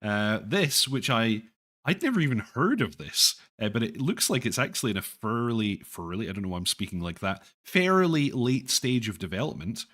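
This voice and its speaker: A man hosting a casual livestream chat, relaxed and self-deprecating, hesitating with fillers. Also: mid-range voice, moderate pace. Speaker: stream host.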